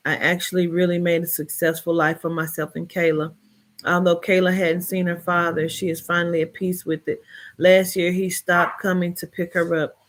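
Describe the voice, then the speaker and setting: In a lowish voice, a woman reads a short story aloud and then shifts into a personal story, chatty and expressive, sprinkled with colloquial asides.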